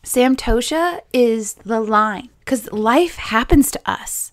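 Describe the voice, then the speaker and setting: A lively woman with a slightly high voice talks through a relaxed spoken lesson. She is chatty, laughs often and drops into playful voices to quote people. The recording is close and dry. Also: takes it slowly, no echo. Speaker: yoga teacher and podcast host.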